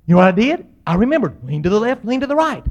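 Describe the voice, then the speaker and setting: Animated high-voiced storyteller man. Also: fast, lo-fi sound. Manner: animated, acts out voices and yells. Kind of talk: humorous personal storytelling.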